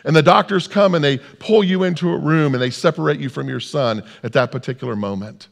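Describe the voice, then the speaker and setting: A male preacher telling a story in a sermon, swinging from loud outbursts to hushed tones. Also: fairly high pitch, fairly quick, creaky, hardly any pauses. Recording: long hall reverb.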